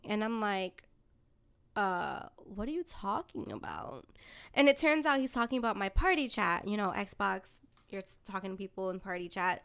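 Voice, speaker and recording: A podcast co-host and streamer tells a story in casual chat, animated and swearing freely as she acts out what people said. Her mid-range voice is smooth and moves at normal speed.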